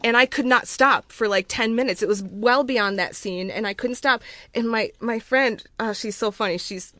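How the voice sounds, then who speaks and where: A woman's voice: fairly high pitch, moderate pace, pushed and bright, no echo. A woman musician guest talking casually in a studio, chatty and effusive with lots of fillers. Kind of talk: casual podcast chat.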